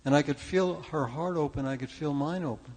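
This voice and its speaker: An older man preaches a chatty, anecdote-rich sermon in a large church hall, frequently starting his sentences over and poking fun at himself. His voice is a little high, a little fast, and somewhat mellow.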